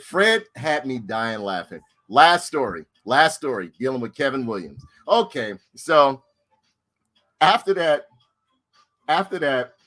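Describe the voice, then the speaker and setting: Animated profane man telling stories. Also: medium pitch. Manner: animated, profane, repeats himself. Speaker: storyteller. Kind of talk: casual storytelling chat.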